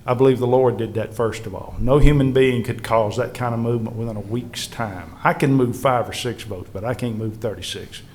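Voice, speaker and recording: A state legislative leader tells a live history panel audience earnest, animated anecdotes, acting out what colleagues said. His medium-pitched voice is fairly quick with few pauses, and there's a little hiss or hum.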